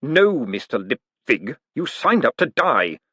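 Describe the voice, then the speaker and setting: A man voicing a cold, dry, menacing aristocratic male tyrant, speaking slowly and precisely. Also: medium pitch, big pitch swings, dry recording. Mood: cool menace. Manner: slow, measured, precise and icy.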